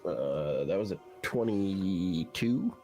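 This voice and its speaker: A man's voice: deep voice, animated, slow, darkish tone, faint music behind. A man playing a tabletop game, plainly stating what his character does. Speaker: player. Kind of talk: casual tabletop play.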